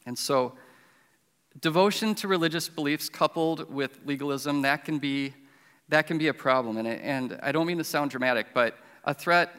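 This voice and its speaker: A man's voice: fairly high pitch, moderate pace, a bit bright, clean tone. A man, preaching a sermon and telling a self-deprecating personal story in a conversational way. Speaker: pastor. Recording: reverberant hall.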